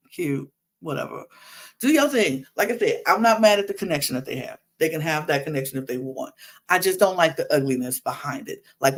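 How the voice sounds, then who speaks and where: Woman, podcast host, sassy and exasperated, lively swooping pitch, casual chat. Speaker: podcast host recapping a reality show.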